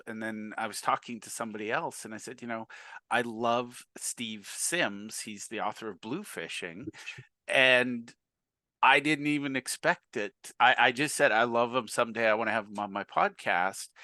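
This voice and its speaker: A man hosting a podcast interview, telling stories in an animated, excitable way. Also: mid-range voice, no room sound. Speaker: podcast host.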